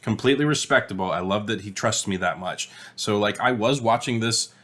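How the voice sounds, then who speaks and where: A man co-hosting a casual movie podcast, talking in an animated way, swearing often and slipping into quick impressions of movie lines. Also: fairly low pitch. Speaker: podcast co-host; father of a young child.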